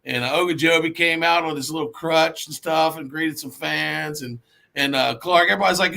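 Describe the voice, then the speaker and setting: A man from the Cincinnati area telling a story excitedly on a live video chat, dropping "man" often. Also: on the high side, fairly quick, vocal fry. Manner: animated storytelling, says man a lot.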